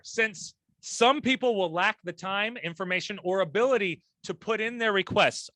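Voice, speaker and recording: A young man jokes brashly through a casual podcast, his voice high and bright. He drops crude slang between news passages read aloud. The sound is dry and close. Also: no room sound. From United States. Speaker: co-host.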